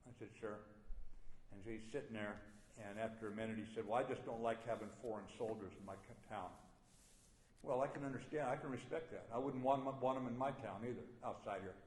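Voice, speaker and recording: A man's voice: fairly low pitch, fairly quick, darkish tone. An older man giving a plainspoken after-dinner speech, telling a war story with dry humor. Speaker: guest speaker. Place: banquet hall. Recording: roomy hall sound.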